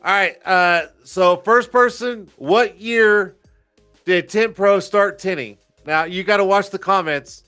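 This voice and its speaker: A man's voice: sits high, slow, pushed and bright, clean tone, faint music behind. A man in his forties hosting a live stream, rambling and swearing freely in casual chat. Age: 40s. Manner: profane, rambling, self-mocking. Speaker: host.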